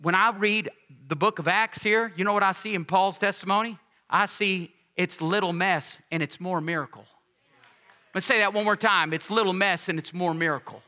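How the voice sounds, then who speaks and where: A pastor delivering a folksy sermon, rising to emphatic calls to the congregation. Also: male voice, sits high, normal speed, bright, forceful tone.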